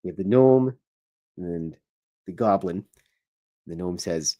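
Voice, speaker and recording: A man with a lowish voice hosts a casual stream, talking as he sketches. He rambles, jokes at his own expense and keeps up an easygoing, chatty flow. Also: slow pace, long pauses, dark tone. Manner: rambling, chatty, self-deprecating. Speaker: show host. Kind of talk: casual livestream chat while drawing.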